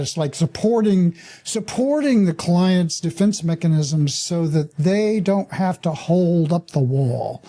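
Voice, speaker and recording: A man's voice: high voice, mellow. A man hosting an interview, reflective and thinking aloud with hesitant fillers. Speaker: podcast host, coach. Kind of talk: conversational interview.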